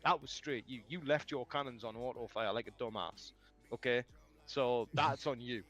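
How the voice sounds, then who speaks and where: A man's voice: mid-range voice, moderate pace, a bit bright, soft background music. A man chatting on a game stream, telling prank stories in a teasing, laughing way and swearing a lot. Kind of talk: casual chat.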